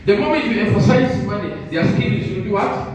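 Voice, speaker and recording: An older man lectures teachers in a high, lively voice that leaps up and down. He is preachy and insistent and keeps pausing mid-sentence so the crowd can fill in the word. He sounds distant, with heavy echo and faint hiss. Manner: call-and-response, leaves sentences open for the audience to finish with "what?". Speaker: motivational speaker. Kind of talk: motivational talk to teachers. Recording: echoey hall from far off with faint noise.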